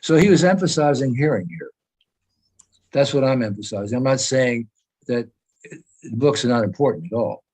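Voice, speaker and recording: A man's voice: mid-range voice, animated, moderate pace, pauses often, a little mellow, husky, low-quality recording. A man in his eighties, from the United States, giving an emphatic, rambling talk over a video call. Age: 80s. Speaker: senior devotee speaker. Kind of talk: informal talk in a meeting.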